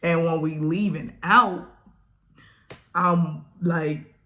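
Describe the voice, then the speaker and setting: A young woman chats straight to her camera in a casual vlog. She tells her story in loose, slangy talk. Her pitch and volume rise and fall a lot as she gets into it. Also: drawn-out words. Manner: animated, slangy storytelling with big swings in pitch and loudness. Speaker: vlogger.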